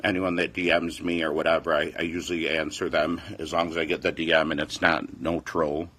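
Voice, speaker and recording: A man's voice: a bass voice, flat delivery, a little fast, a bit bright. A man in his forties, a fitness vlogger, chatting casually and rambling defensively, repeating himself. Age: 40s. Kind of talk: casual livestream chat.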